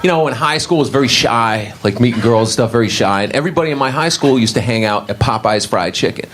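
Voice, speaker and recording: A man's voice: medium pitch, expressive, fast, fairly bright tone. A man telling a stand-up comedy story in a loose, chatty way, full of fillers, on a noisy live recording.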